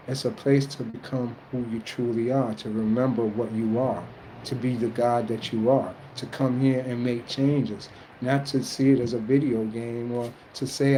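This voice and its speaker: A spiritual streamer answers his chat in a steady, mellow voice at a moderate pace, over poor audio with a bit of background noise. He talks casually and earnestly about spiritual journeys, rambling and slipping into high mock voices when he quotes people.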